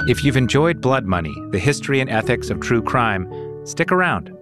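A man co-hosting a podcast, reading scripted narration in a measured, deliberate way. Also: mid-range voice, very animated, music in the background. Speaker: podcast co-host.

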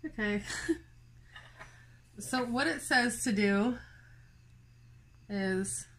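Female vlog host, easygoing chatty delivery with fillers and laughs, slow pace. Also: a little high, a bit bright, slightly rough. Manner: chatty, filler-heavy, giggly, talks to viewers. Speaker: plant channel host. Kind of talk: casual chat vlog. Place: home, indoors.

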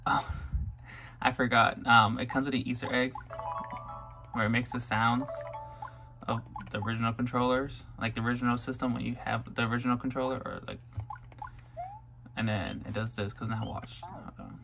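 A young man hosting a casual unboxing vlog, talking in an awkward monotone full of ums. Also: mid-range voice, normal speed, vocal fry, pauses often, music in the background. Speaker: unboxing vlogger. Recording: faint background noise.

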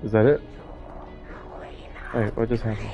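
A man's voice: medium pitch, fairly even intonation, a little slow, highs cut off, soft background music. A man streaming a horror game live, nervously talking to himself and swearing often. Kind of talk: live gameplay commentary.

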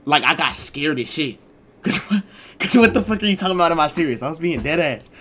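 A man telling a story to his live stream chat, slangy and excitable, swinging between mumbled asides and loud exclaims. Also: on the high side, fairly quick, a little hiss or hum.

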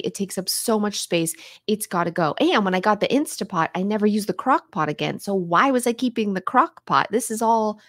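Woman host, live-stream chat, playful and frank, mid-pitched voice, dry close sound. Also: dry recording. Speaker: decluttering livestream host. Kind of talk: casual livestream chat reading comments.

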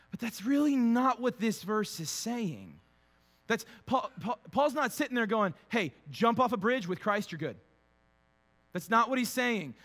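A man's voice: sits high, big-room sound. A young man preaching a casual, humorous sermon as pastor, acting out quotes in playful voices. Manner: animated, acts out quotes with funny voices.

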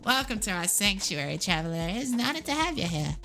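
A woman voicing a gentle cat monk welcoming a guest in a video game. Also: mid-range voice, big pitch swings, fast, faint music behind. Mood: calm.

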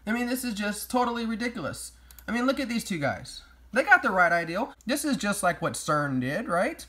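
A man's voice: high-pitched, big pitch swings, brisk, bright, forceful tone. A man delivering sarcastic, mock-outraged comedic commentary as a vlogger. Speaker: YouTube vlogger.

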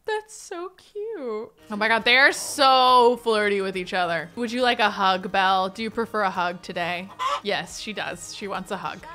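A woman giving excitable, chatty let's-play commentary as she plays a life-simulation game, squealing over wins. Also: mid-range voice, moderate pace, soft background music. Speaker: gaming video creator.

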